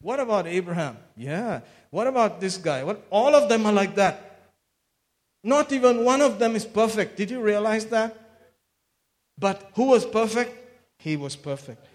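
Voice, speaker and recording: A man preaching a sermon in an animated way, swinging from loud exclamations to hushed retelling, often laughing between phrases. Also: high voice, measured pace. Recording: echoey hall.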